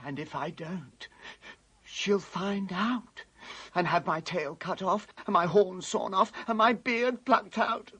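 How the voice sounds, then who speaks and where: In an amateur radio play, a woman voices a male fawn wracked with guilt and fear, speaking anxiously, stammering, and breaking into sobs. Her voice is medium-pitched, slow, a bit bright and slightly rough, and the recording itself is rough.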